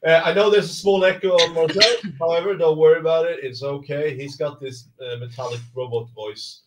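A man hosts a relaxed livestream, rambling along and stumbling over his words with plenty of fillers. He sits a little back from the microphone, so his voice sounds slightly distant. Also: a little high, normal speed, very noisy. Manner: rambling, hesitant, many fillers and restarts. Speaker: livestream host. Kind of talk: casual livestream chat.

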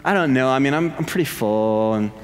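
A man's voice: mid-range voice, expressive, brisk, voice pushed down, close to an everyday voice. A man voicing a chatty Valley girl woman at dinner, hedging with lots of "you know" and "like". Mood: hesitant. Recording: long hall reverb.

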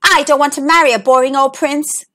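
A woman voicing a spirited, tomboyish girl princess in a storybook, bold and cheerful, with lively exclamations. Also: sits high, a little fast.

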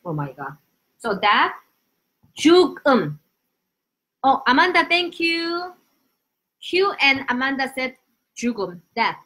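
A young woman with a Korean accent leads a casual live-streamed Korean lesson in a high voice. She is animated and drills each word over and over for pronunciation. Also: moderate pace, pauses often. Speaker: Korean language teacher.

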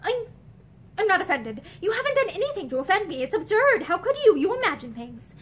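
A woman's voice: very high-pitched, sing-song, fairly quick, fairly bright tone, a little hiss or hum, pitched above the performer's own voice, exaggerated voice. A woman reading the lines of a nervous young married woman who stammers and evades. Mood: flustered. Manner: flustered, stammering replies.

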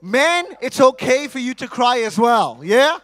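A man preaching an Easter sermon in a lively, humorous way, calling out to the congregation for responses. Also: extremely high pitch, measured pace, no echo, poor audio. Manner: lively, humorous, acts out quoted voices.

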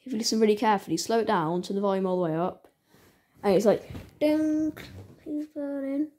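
A woman talks casually to her channel's viewers in a mid-pitched voice. She rambles and halts as she goes, often restarting her sentences. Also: darkish tone. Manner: rambling, halting, many restarts. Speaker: channel owner. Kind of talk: casual vlog chat.

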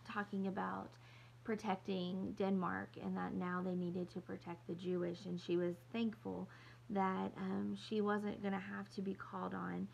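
A woman teacher reading a novel aloud to her class in a relaxed way, with fillers as she thinks aloud. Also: mid-range voice, a little slow, creaky, highs cut off, slight background noise.

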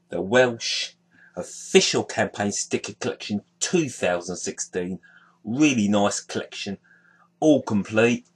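Slow, unhurried man presenting his collection. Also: lowish voice, husky. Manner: unhurried, listing names one by one. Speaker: sticker album collector, video host. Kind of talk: casual show-and-tell narration.

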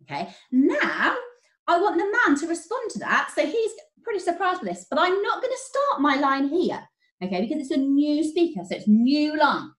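A woman teacher, explaining writing step by step in an online lesson, clearly and encouragingly. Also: high-pitched, sing-song, normal speed, a bit bright. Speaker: primary school teacher. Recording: roomy echo.

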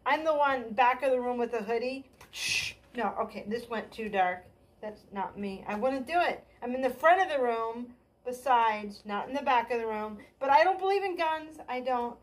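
A woman's voice: on the high side, lively intonation, normal speed. A woman doing a stand-up comedy monologue. She rambles, pokes fun at herself, and keeps trailing off and restarting. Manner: scattered, self-deprecating, trailing off and restarting. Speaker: stand-up comic.

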